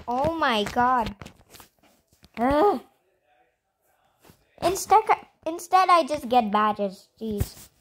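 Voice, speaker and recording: A young girl hosting her own gaming channel, chatting excitedly and giggling to viewers as she plays. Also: sits high, slow, pauses often, heavy background noise. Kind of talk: casual gameplay commentary.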